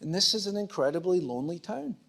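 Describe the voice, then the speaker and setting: Quick and lively, this man's high, fairly bright voice carries some vocal fry. He's a pastor from Scotland preaching in a church auditorium, conversational in manner, staging little dialogues and joking at his own expense.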